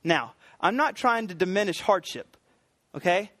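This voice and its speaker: A middle-aged man preaching a sermon, earnest and emphatic, building to excited peaks. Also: sits high, normal speed, no room sound. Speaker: pastor.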